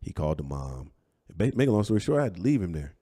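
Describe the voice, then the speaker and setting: A man telling an animated, slangy personal story as a guest on a podcast interview. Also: deep voice, fast talker, slightly rough.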